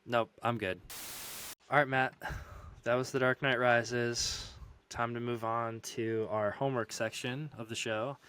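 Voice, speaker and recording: A man's voice: medium pitch, level tone, unhurried, bright, forceful tone, smooth. A man co-hosting a podcast in casual chat, easygoing and self-deprecating, laughing often. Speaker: podcast co-host.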